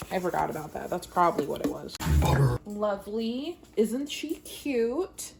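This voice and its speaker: A woman's voice: mid-range voice, noisy background. A woman vlogger chatting casually while baking in her home kitchen, giggling and cracking puns at herself, recorded on a phone. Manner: giggly, self-mocking, chatty, makes puns.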